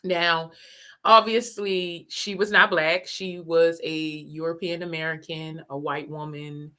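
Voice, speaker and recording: Bright-voiced woman telling a lively story. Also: sits low, takes it slowly. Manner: animated, laughs often while telling a story. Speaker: host. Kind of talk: casual storytelling.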